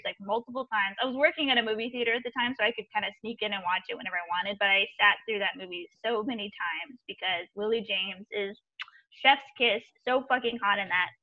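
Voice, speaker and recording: Young podcast co-host, giggly and loose, slightly high-pitched; lo-fi close mic. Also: female voice, no echo. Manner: giggly, animated, swears casually. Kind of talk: casual chat. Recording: dull lo-fi dry mic.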